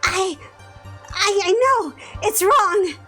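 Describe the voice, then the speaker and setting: A woman's voice: extremely high pitch, expressive, slow pace, bright, forceful tone, faint music behind, pitched above the performer's own voice, exaggerated voice. A woman voicing a timid, tearful young female creature who stammers and pleads, cold-reading a visual novel.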